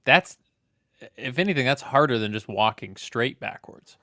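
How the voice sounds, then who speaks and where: A man's voice: medium pitch, expressive, moderate pace, pushed and bright, no room sound. A man co-hosting a bad-movie review, making dry, laid-back jokes in casual commentary.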